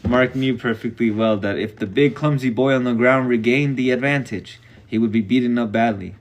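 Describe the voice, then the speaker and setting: Man, live novel reading, casual, reactive, mid-pitched. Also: normal speed. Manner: casual, swears and reacts between passages. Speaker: reader.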